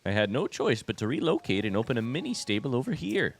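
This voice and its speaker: A man's voice: mid-range voice, expressive, fast talker, a bit bright, natural voice. A man voicing a chatty, friendly male stable keeper from a video game, reading his lines in a vague put-on accent. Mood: folksy.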